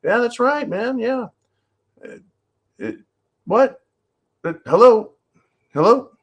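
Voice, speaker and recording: A man's voice: very high voice, lively intonation, slow pace, voice pushed up, full character voice. A man playing a brash, cocky male caller who mocks people and swears as he demands benefit money. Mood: mocking. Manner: loud, cocky, sarcastic, profane.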